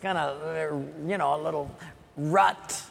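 A man's voice: fairly high pitch, steady tone, creaky, long reverb tail, slight background noise, pitched below the performer's own voice. A man voicing a hesitant old father who drawls and stumbles over his words. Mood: sheepish. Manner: drawling, halting. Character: hesitant old father, mumbling shepherd dad.

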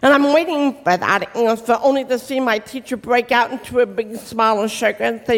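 A deaf woman delivers a motivational faith talk to an audience. Her speech carries the distinctive, accent-like sound of someone who learned to speak without hearing. She shapes each word slowly and carefully, and her voice trails off into the long reverb of a large hall. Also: fairly high pitch. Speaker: inspirational speaker.

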